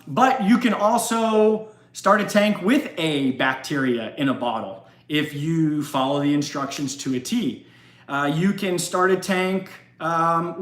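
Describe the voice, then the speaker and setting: A man's voice: fairly high pitch, a bit bright. Brief: casual, rambling male streamer answering viewer questions in a roomy space. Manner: chatty, laughs often, rambling. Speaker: livestream host. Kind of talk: casual live Q&A chat. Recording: roomy echo.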